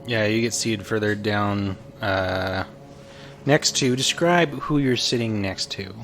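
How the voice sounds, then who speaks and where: A man narrating as game master of a tabletop role-playing game, halting with restarts. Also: fairly low pitch, a bit bright, a little hiss or hum. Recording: guitar music behind.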